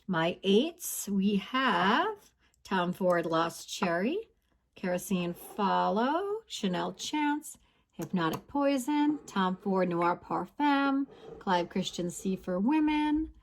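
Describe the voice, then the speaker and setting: A woman's voice: medium pitch, lively intonation, takes it slowly, a little hiss or hum. A woman perfume vlogger from the United States, talking casually and a little out of breath while holding a phone gimbal at home. She stumbles over names and corrects herself as she goes. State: a bit out of breath. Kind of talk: casual vlog ranking. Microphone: handheld phone gimbal.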